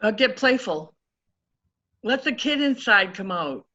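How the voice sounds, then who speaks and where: A woman coach in an interview, telling stories with lively acted-out quotes in casual talk. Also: medium pitch, unhurried. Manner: animated, acts out quotes in story. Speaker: guest coach. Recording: dull lo-fi audio.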